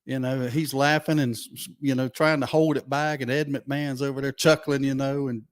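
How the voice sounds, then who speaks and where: A man's voice: mid-range voice, level tone, brisk, clean tone, no room sound. A man in casual talk-show chat, telling a long anecdote in a rambling way with lots of fillers.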